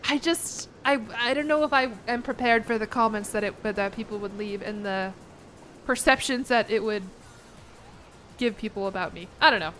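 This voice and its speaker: A woman streaming a game, chatting casually in a rambling, jokey way full of quick asides. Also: mid-range voice, a bit bright, faint music behind. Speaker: VTuber streamer. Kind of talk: casual livestream commentary while gaming.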